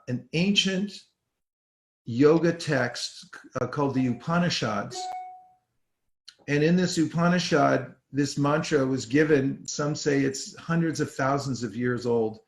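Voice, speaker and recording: Man, spiritual teacher, unhurried and halting, gravelly voice, roomy echo on a video call. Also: mid-range voice. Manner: slow, hesitant, many pauses and fillers. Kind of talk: guided mantra meditation class.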